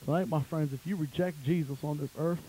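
A fiery male preacher delivering a fire-and-brimstone sermon. His voice sits a bit high for a man. He swings from shouted peaks down to hushed, intense warnings and talks in a folksy way. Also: steady tone, brisk, a little hiss or hum, rough recording.

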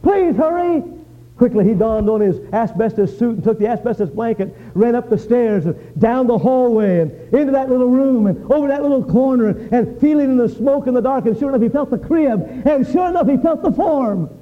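A male preacher with a very high voice delivers an impassioned revival sermon, telling a dramatic story and pressing hard questions on his listeners. The recording is dull and lo-fi, like an old cassette. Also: fairly quick, hardly any pauses.

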